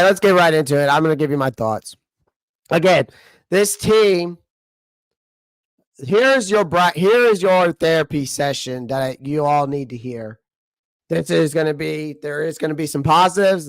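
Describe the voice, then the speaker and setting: A man's voice: a little high, no echo, studio quality. A young man hosting a casual livestream, blunt and frustrated, laughing often, and losing his voice. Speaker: livestream host.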